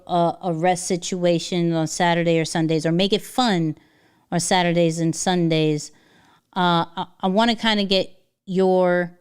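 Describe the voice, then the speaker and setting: A woman's voice: on the low side, a little mellow, clean tone. A woman hosting a livestream, talking in a chatty, slangy way. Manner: slangy, chatty, with fillers and restarts. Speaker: livestream host. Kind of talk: casual livestream talk.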